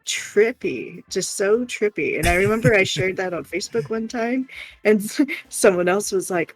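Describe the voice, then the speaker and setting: A woman's voice: mid-range voice, unhurried, no room sound, soft background music, low-quality recording. A woman with an Indiana Hoosier twang, co-hosting a casual chat and laughing often between phrases. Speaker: co-host.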